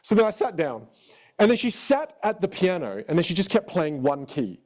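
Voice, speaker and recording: A male vocal coach leads a live online masterclass with expressive storytelling. His voice sits a little high for a man, and his pitch leaps and dips constantly. He shifts between energetic asides and quieter, reflective moments. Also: moderate pace.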